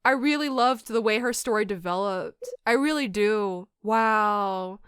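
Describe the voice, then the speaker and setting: A woman commentating a game she is playing, in a bubbly, chatty, expressive way. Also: mid-range voice, unhurried, smooth, dry recording, soft background music. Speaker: let's play streamer.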